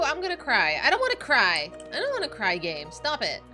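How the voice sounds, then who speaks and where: A woman streaming a game, reacting with excitable, laughing, emotional outbursts. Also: high-pitched, normal speed, few pauses, soft background music. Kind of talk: casual gameplay livestream.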